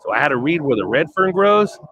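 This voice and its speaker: A man's voice: fairly high pitch, very animated, brisk, dull audio, slight background noise. A man rambling through a blunt, profane monologue, swearing constantly and trailing off before picking his thread back up. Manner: wandering, trails off and restarts.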